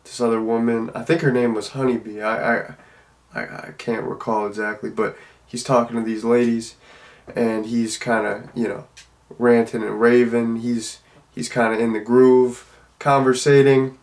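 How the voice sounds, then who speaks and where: A man's voice: mid-range voice, level tone, moderate pace, darkish tone. A man giving a casual, loose and rambling spoken review of a film. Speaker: movie reviewer.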